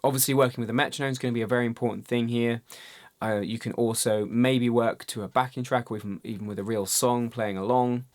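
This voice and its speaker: This is a man teaching guitar in an online video lesson, with a voice of ordinary middle pitch. He explains rhythm exercises in an easygoing, chatty way, counting beats aloud and restarting a phrase now and then. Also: fairly even intonation, fast. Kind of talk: relaxed online music lesson.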